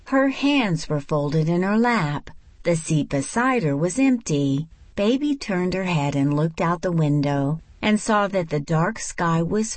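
A woman reading a storybook aloud in a measured, expressive narration. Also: deep voice, no echo. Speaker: audiobook narrator.

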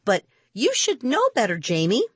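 A woman voicing an angry, stern mother scolding her sons, with a husky tone. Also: fairly high pitch, huge pitch swings, normal speed, no echo, pitched above the performer's own voice, heavily acted.

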